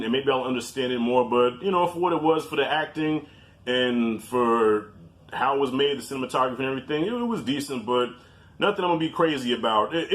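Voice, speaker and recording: A man in his forties, appearing as a guest in a casual chat, gives a blunt, joking, profane movie review in a medium-pitched, fairly bright voice.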